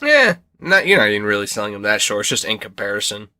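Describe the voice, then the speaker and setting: A man's voice: on the low side, huge pitch swings, fast, sharp tone. Rambling young man chatting casually. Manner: rambling, many fillers and restarts. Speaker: podcast co-host. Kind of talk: casual chat.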